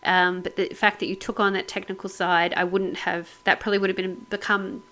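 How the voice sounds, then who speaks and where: Woman podcast co-host, casual, laughs often, medium pitch. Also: flat delivery, a little fast, bright, forceful tone.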